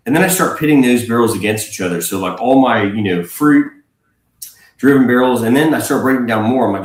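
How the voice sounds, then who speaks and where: A man, a whiskey blender, speaking casually as a livestream guest, relaxed and rambling with fillers and restarts. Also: medium pitch, fast talker, roomy sound, rough recording. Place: home.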